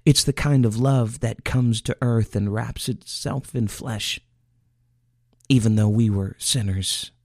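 A man's voice: medium pitch, fairly even intonation, takes it slowly, a little mellow, no echo, clean studio sound. A man preaching an earnest, emotional sermon, often restarting phrases as he builds his point.

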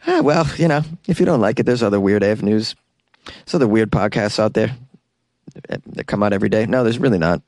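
A man's voice: on the low side, expressive, a little fast, darkish tone, no room sound. A young man with a Boston accent hosting a solo podcast from a small closet studio, joking and self-deprecating with frequent laughs. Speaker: podcast host. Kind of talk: casual solo podcast chat.

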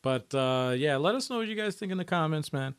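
A man with a high, lively voice co-hosting a podcast in casual chat. He speaks in a relaxed, drawn-out way and his pitch rises and falls freely. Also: clean tone, no echo. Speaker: podcast co-host.

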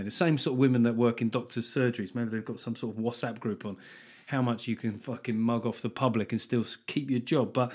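A man hosting a podcast, ranting casually with a lot of swearing and mockery. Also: mid-range voice. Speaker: podcast host. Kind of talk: casual solo podcast monologue.

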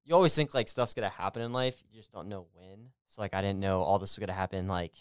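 A man in his thirties giving quiet, brief, laid-back replies as a co-host in a casual chat. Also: deep voice, fast, clean tone, no room sound, studio quality. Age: 30s. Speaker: co-host partner.

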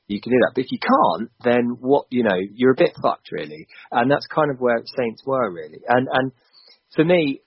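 Husky-voiced man ranting about football. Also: mid-range voice, sing-song, normal speed, dry recording. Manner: emphatic, swears freely, repeats himself. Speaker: podcast guest. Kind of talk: casual football chat. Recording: dull lo-fi dry sound.

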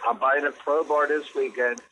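A man's voice: mid-range voice, fairly even intonation, moderate pace, sharp tone, a little hiss or hum, low-quality recording. A middle-aged man from Virginia with a Southern accent, co-hosting a casual podcast chat and telling loose, laughing stories. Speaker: podcast co-host.

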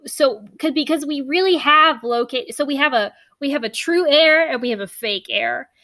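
Bright, chatty woman podcast co-host. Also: sits high, normal speed, dry recording. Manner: chatty, puzzled, many likes and restarts. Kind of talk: casual book discussion.

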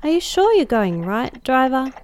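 A woman voicing a lively young American woman who laughs off trouble and dismisses worries. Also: high-pitched, normal speed, voice pushed up. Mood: breezy. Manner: breezy and dismissive.

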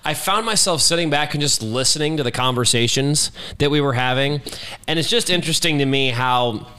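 A man hosting a podcast from his kitchen, chatting casually with his wife and telling stories with lively acted-out quotes. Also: a little high, brisk, smooth. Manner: animated storyteller, acts out shouted quotes. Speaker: podcast host. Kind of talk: casual chat. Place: home kitchen.

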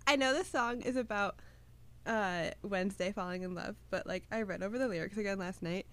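A woman's voice: medium pitch, a little fast, dry recording. A young woman co-hosting a podcast, chatting casually and gushing with frequent laughs and fillers. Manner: giggly, gushing, lots of fillers. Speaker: podcast co-host. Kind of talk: casual chat.

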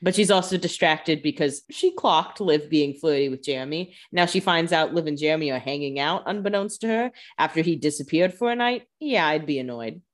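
A woman co-hosts a casual podcast, reacting to her partner with dry, joking comments. Her voice sits noticeably low. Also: lively intonation, brisk, hardly any pauses. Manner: wry, joking asides. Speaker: podcast co-host. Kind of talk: casual chat.

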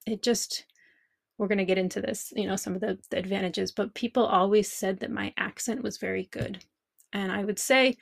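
Woman podcast host, reflective solo chat, creaky gravelly voice, dry close sound. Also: mid-range voice, no echo. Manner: chatty, reflective, many fillers and restarts. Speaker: podcast host, language teacher.

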